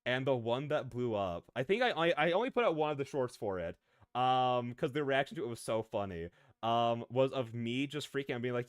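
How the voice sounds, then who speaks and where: Male VTuber streamer, mid-pitched, rambling and excitable, dry close sound. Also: a little fast, dry recording. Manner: rambling and excitable, prone to tangents and laughter. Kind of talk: casual live-stream chat, answering viewers.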